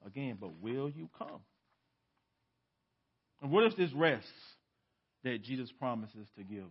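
A male pastor preaching a sermon in a church, emphatic, asking rhetorical questions and swinging from loud to hushed. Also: mid-range voice, very animated, a little slow, breathy edge. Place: church sanctuary. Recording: dull lo-fi sermon recording.

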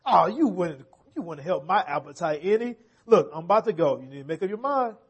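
A man's voice: high voice, expressive, a little fast, slightly rough, highs cut off, voice pushed down, full character voice. A man putting on a sly coaxing fox. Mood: wheedling. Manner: coaxing, wheedling. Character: sly smooth-talking fox tempting prey.

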